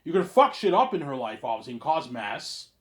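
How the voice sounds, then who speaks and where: A man rambling in a monologue to his audience, boastful and repetitive, tagging his lines with "obviously" and dropping from loud claims to mumbled asides. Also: medium pitch, big pitch swings, brisk. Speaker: vlogger.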